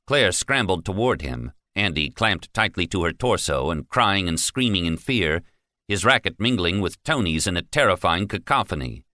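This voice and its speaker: A man narrating an audiobook in a deep, lively voice. His tone is bright and forceful. The recording is dry and close. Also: normal speed, no echo. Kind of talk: scripted narration.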